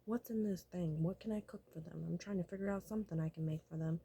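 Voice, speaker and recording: Husky-voiced woman, casual vlog storyteller, profane and whispery. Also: on the low side, fast talker, warm tone. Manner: profane, rambling, often drops to a whisper.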